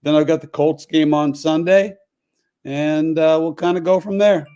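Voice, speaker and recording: A man's voice: on the high side, steady tone, normal speed, mellow, smooth. An older man, a sports writer and radio guest, talking casually while coming down with a cold.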